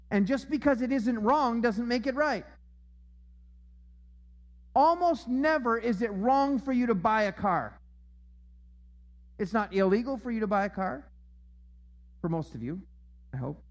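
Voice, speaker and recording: A pastor preaches a sermon in a church auditorium, his voice sitting high and echoing through the large hall. He is emphatic and keeps repeating his key phrases.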